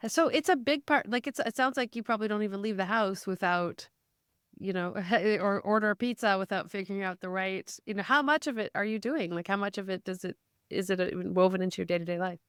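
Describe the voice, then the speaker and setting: A woman's voice: mid-range voice, brisk, smooth, no echo, clean studio sound. Reflective woman podcast host. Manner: reflective, thinking aloud, warmly agreeing. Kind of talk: casual interview chat.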